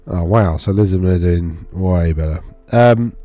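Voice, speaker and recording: With faint music behind him, a man with a low, dark-toned voice speaks a little slowly as he walks through tournament data on his screen. He's a wargaming video host, casually rambling and correcting himself while thinking aloud.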